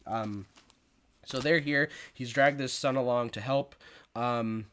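A man's voice: mid-range voice, steady tone, slow, fairly bright tone, a little hiss or hum. A man casually recapping a film's plot, rambling with lots of fillers and restarts.

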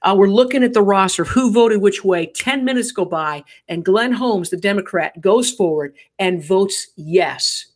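A woman's voice: medium pitch, animated, normal speed, hardly any pauses. A woman guest from Ohio telling a dramatic story in an interview, acting out the quoted dialogue with energy. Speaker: guest, pro-life activist.

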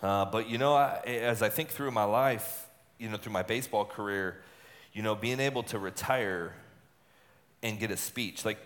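A man who is a retired relief pitcher, telling a story in an interview with chatty, repeated words and lively bits of acted-out speech. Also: normal speed. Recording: long hall reverb.

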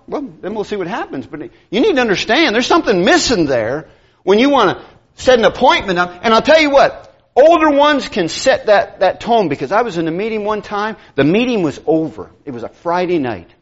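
A male preacher delivering a sermon in a high-pitched voice. He tells stories and acts out the people in them, with a very animated delivery that rises and falls. The recording is dull and lo-fi. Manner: storytelling, acting out quoted voices.

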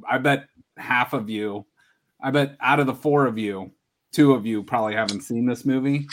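A man's voice: mid-range voice, normal speed, slight background noise. A man hosting a casual podcast movie draft, talking enthusiastically and laughing as he goes.

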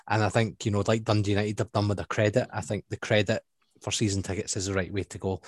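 A Scottish man with a fairly low voice, chatting casually as co-host. The sound is dry and close. He talks easily and laughs often. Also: dry recording. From Scotland. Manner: chatty, laughs often, uses local slang. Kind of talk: casual podcast chat.

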